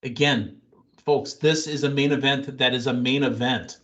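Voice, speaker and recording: A man hosting a casual wrestling podcast, excitable and jokey, telling the story of a show. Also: medium pitch, moderate pace. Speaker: podcast host. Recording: dull lo-fi sound.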